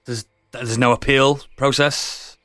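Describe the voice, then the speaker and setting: A man's voice: medium pitch, steady tone, takes it slowly, a bit bright, no echo, studio quality. A man playing his character in a tabletop game, exasperated and swearing. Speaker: player. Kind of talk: in-character tabletop role-play.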